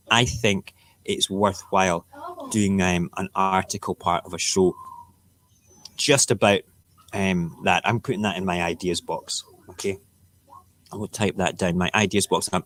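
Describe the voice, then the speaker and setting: A man's voice: sits low, a bit bright. A man hosting a casual morning talk show, ranting and rambling in an opinionated way. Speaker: radio show host.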